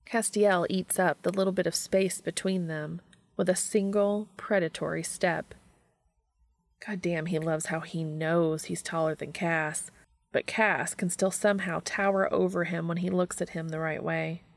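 A woman narrating a work of fiction aloud in a steady, unhurried reading voice. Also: on the low side, gravelly, no echo.

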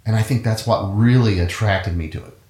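A man with a fairly low voice chats about his past in an easy, rambling way. He often circles back and restarts his sentences. The sound has a noticeable room echo. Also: fairly quick, a little mellow. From Cincinnati, USA. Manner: rambling storyteller with frequent restarts and fillers. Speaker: guest musician, trumpet player. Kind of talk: casual conversational interview.

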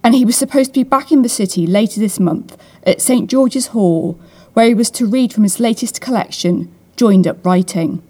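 A woman hosting an interview, reading a smooth prepared introduction and then asking her guest questions. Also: on the high side, moderate pace, warm tone. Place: hotel book room, indoors.

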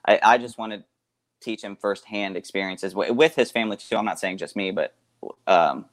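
A man co-hosting a casual podcast, rambling and halting, with frequent restarts. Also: lowish voice. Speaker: guest co-host. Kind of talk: casual chat.

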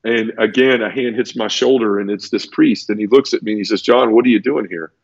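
A man's voice: fairly low pitch, a little fast, creaky, no echo, lo-fi sound. A man earnestly telling his personal conversion story in a conversational interview, tumbling through it with restarts. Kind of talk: conversational testimony.

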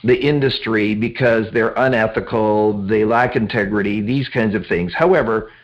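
A man's voice: fairly low pitch, normal speed. A man hosting an interview, asking conversational, probing questions. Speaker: host. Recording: dull lo-fi audio.

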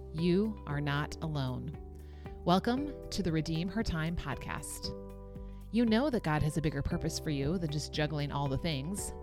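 A middle-aged woman hosting a faith-based podcast, talking in an encouraging, conversational way. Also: lowish voice. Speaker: podcast host. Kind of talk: scripted podcast intro and casual teaching.

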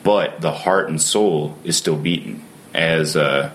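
A man with a notably low voice hosts a casual podcast conversation about a book. He talks enthusiastically, with lively asides as he makes his points. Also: slow pace, a little hiss or hum.

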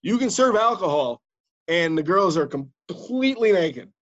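A man, a radio DJ and podcast host, telling stories in casual chat, swearing freely and acting out quotes in a louder voice. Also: high voice, measured pace, lo-fi sound. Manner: animated, swearing, acts out quotes loudly.

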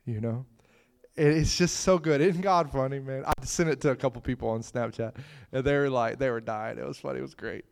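A man's voice: medium pitch, a little fast, gravelly, clean tone. A man preaching a conversational sermon, chatting with the congregation and breaking into fits of laughter.

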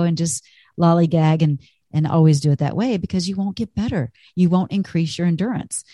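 A woman's voice: fairly low pitch, moderate pace, dark tone, dry recording, studio quality. A woman fitness instructor giving an upbeat, chatty talk on stretching and endurance, encouraging listeners and laughing at herself.

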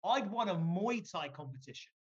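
A man speaking as a guest, telling a story in a lively, joking way and swearing casually. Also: high-pitched, moderate pace, muffled recording.

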